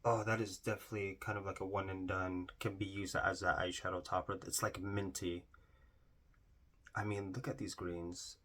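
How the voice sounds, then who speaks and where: A man's voice: low-pitched, level tone, moderate pace, fairly bright tone, slight background noise. A man casually swatching eyeshadows in a vlog, gushing over the colors, exclaiming often and trailing off mid-sentence. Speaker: beauty vlogger.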